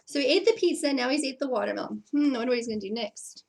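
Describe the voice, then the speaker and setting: Woman, high voice, teacher reading aloud, storybook, questions to children. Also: rapid-fire, vocal fry, few pauses. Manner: lively, questioning, with put-on character voices. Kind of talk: picture book read-aloud with questions to children.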